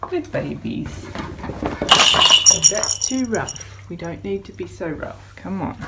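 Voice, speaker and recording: A woman with a fairly low speaking voice coaxes and soothes her pets at home, and her pitch swings widely when she lifts into sing-song baby talk. There is a faint hiss of noise under her voice. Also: lively intonation, slow, vocal fry. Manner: soothing, coaxing pet talk, often a soft high baby voice. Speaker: pet vlogger. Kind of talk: casual vlog talk to pets.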